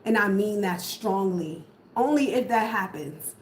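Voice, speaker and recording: A woman's voice: medium pitch, lively intonation, unhurried. A woman giving a casual tarot reading, repeating firm, emphatic warnings. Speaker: tarot reader. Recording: echoey room, faint background noise.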